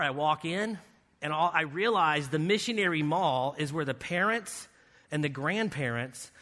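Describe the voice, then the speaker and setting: A man giving a guest sermon in a church, telling a lively story with playful asides. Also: on the high side. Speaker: guest speaker. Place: church sanctuary. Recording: reverberant church hall.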